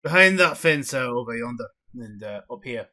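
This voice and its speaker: A worldly tavern keeper, played by a man rambles along in a wry, doubtful tone. His voice is bright and forward, and he often trails off with uhs. He sounds like a barman who has heard every treasure-hunting tale before. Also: medium pitch, expressive, moderate pace. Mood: helpful. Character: weary male tavern keeper, wry and skeptical.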